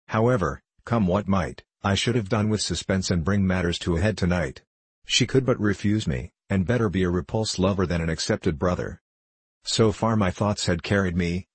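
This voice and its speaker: A man narrating an audiobook in a measured, deliberate storytelling manner. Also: deep voice, breathy edge, no echo.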